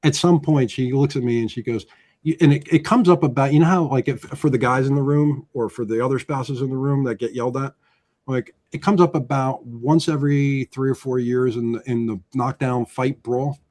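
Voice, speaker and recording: A man from New Jersey, a guest loan officer, telling stories with lively acted-out quotes. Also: brisk. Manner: animated, acts out quotes with swinging pitch. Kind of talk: energetic storytelling chat.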